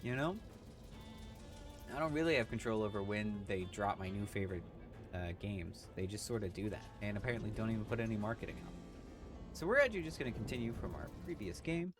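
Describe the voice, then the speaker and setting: A man's voice: fairly low pitch, animated, fairly quick, music in the background. A man streaming a game, chatting in an offhand, joking way as he plays. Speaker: gaming streamer. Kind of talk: casual let's-play commentary.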